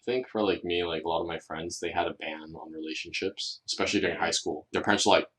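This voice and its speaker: A man in a casual group chat, telling school memories quickly and excitedly, saying "like" a lot. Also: deep voice.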